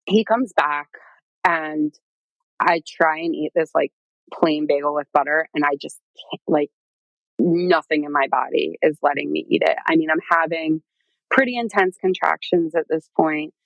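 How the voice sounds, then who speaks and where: A woman's voice: low voice, normal speed, vocal fry, no echo, dull audio. A woman guest telling her own story in a casual, chatty way, full of fillers and acted-out quotes. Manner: chatty, lots of "like" and "um", animated quoting.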